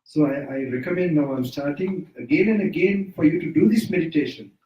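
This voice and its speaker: Sri monk speaking, roomy and distant. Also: male voice, fairly high pitch, fairly quick, mellow. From Sri Lanka. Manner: loose, self-correcting, chuckles often. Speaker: Buddhist monk teacher. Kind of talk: informal dharma talk. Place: indoors at a private residence. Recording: roomy sound, mic at a distance.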